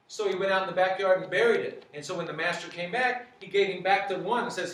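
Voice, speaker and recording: A man's voice: high-pitched, a little fast, fairly bright tone, slight background noise. A man teaching a group, asking many rhetorical questions and repeating phrases. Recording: very echoey, from far off.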